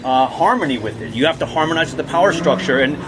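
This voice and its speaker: A man's voice: a little high, animated, quick pace, heavy background noise. A man delivering a heated political rant, talking in fits and starts with many repeated words and restarts. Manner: heated, repetitive restarts and stammers. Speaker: political commentator. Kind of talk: ranting monologue.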